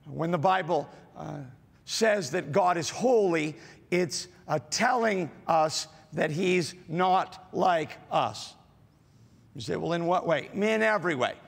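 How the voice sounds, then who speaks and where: Male pastor, gravelly, slow, halting sermon delivery, echo of a large church hall. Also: on the high side, lively intonation. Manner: slow, halting delivery with many fillers, rising to emphatic repetitions. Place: church auditorium. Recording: large hall with long reverb.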